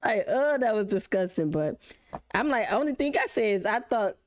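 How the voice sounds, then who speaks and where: A woman streamer talking casually over a reaction video, her pitch swinging widely as she tells stories. She swears freely and jumps between topics in a loose, chatty way. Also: normal speed. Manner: profane, animated storytelling with laughs. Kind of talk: casual live-stream chat.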